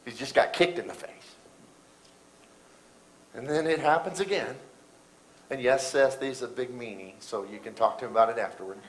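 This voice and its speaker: A middle-aged man preaching a sermon, telling a story that swings between loud bursts and hushed, quiet moments. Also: mid-range voice, moderate pace, long pauses, poor audio.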